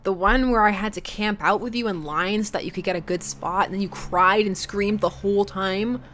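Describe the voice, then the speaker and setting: A woman's voice: mid-range voice, moderate pace, a bit bright, a little hiss or hum, natural voice. A woman voicing a sarcastic teenage daughter who teases her father, in a dry mocking tone, while reading a dating game aloud. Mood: teasing.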